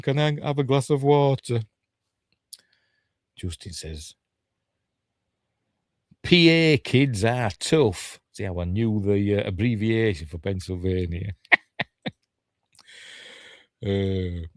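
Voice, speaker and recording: A man with a Yorkshire accent talks through a film in a loose, chatty way, wandering off and catching himself. His voice sits on the low side. The sound is dry, with no room around it. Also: dry recording. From Yorkshire, England. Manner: rambling, thinks aloud, self-correcting. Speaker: film reviewer. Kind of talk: casual watch-along film commentary.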